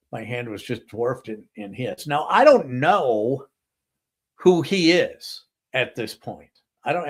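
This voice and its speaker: A man hosting a live talk show, telling a long story in a rambling, anecdotal way with many fillers and asides. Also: medium pitch.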